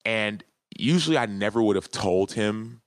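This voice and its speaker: Male podcast guest, 30s, deep voice, earnest and heartfelt, dry close sound. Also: expressive, moderate pace, dry recording. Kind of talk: casual interview storytelling.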